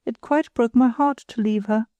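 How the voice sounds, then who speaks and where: A woman's voice: a little high, normal speed, dark tone, dry recording, lo-fi sound, close to an everyday voice. A woman reading the part of an affected young woman with an artificially sweet, sentimental manner. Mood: languishing.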